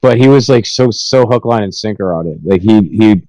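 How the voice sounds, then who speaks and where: A man's voice: on the low side, fairly quick, dark tone, no echo, rough recording. A man hosting a podcast, telling rambling, profane stories about his pranks in a casual chat. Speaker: podcast host.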